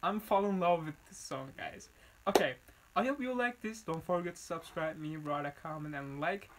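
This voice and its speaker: A reaction video host with an Arabic accent and Arabic as a native language, gushing about a song in halting English full of fillers. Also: mid-range voice, background noise. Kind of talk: excited music reaction vlog.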